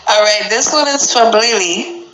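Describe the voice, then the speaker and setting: A woman's voice: a little high, moderate pace, pushed and bright. A woman hosting a podcast, chatting casually and frankly while reading out listener stories. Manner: blunt, frank, laughs often. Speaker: podcast host. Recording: roomy echo.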